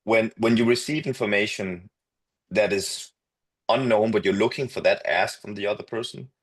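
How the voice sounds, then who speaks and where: Man, husky low voice, measured workshop explanation. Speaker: workshop co-presenter.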